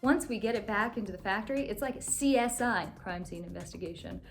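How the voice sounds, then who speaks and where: A woman's voice: medium pitch, expressive, quick pace, faint music behind, voice pushed down, close to an everyday voice. A woman putting on a drawling southern boss. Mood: hammy. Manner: drawling, exaggerated.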